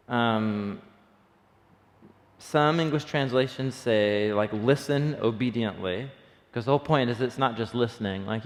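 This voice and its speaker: A man leading an early-morning Bible study, teaching in an enthusiastic, conversational way and thinking aloud with plenty of fillers. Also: mid-range voice. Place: church room. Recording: long reverb of a hall.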